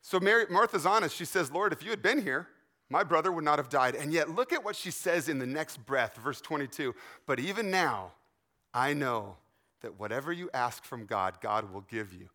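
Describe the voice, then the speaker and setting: A male pastor preaching a sermon to his church, earnest and emphatic, often dropping to a hushed, soft delivery. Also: on the high side, lively intonation, moderate pace.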